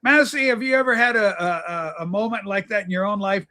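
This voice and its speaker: A man's voice: high voice, a little fast, sharp tone. A man hosting a casual group video call, playful and teasing as he jokes with guests. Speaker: host.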